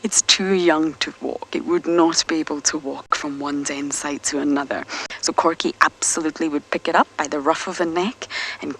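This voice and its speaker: A woman guiding a live safari broadcast from a vehicle, her voice low and gravelly. She keeps her speech hushed and often drops to a whisper. Faint outdoor noise hums behind her. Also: steady tone, normal speed, low-quality recording. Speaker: safari guide. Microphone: earpiece and mic.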